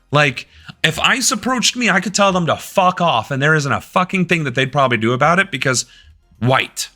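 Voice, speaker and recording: Man, political streamer, angry profane rant, very bright tone, faint music underneath. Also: fairly high pitch. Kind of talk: live-stream reaction commentary.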